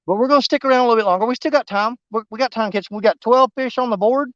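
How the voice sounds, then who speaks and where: A high-pitched man rambles folksily to his viewers while he fishes outdoors. His voice is smooth and clear, and he sounds winded. The sound is dry and a bit dull. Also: racing, fairly bright tone, dry recording. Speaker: fishing vlogger. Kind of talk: live-stream fishing chat. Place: outdoors at a riverbank.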